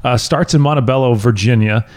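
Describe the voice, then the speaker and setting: A man hosting a podcast interview, chatting casually and telling animated stories with quoted lines. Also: mid-range voice, a little fast. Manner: animated storyteller, quotes others. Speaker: podcast host.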